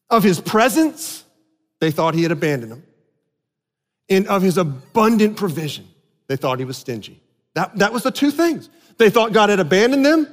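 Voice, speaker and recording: Speaking in a high voice, a pastor gives a lively sermon and frequently imitates the people he quotes. A long, trailing reverb follows his words, like the sound of a big sanctuary.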